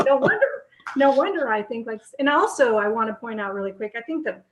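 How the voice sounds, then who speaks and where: A woman's voice: fairly high pitch, expressive, a little hiss or hum. Enthusiastic woman in an echoey room. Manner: enthusiastic, talks in quick bursts with restarts. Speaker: co-host. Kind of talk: casual spiritual discussion.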